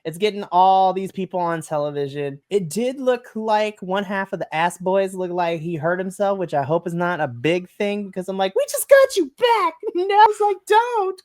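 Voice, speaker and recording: Podcast co-host, casual wrestling chat, animated, quick laughs, medium pitch. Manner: animated, laughs often, trails off mid-sentence.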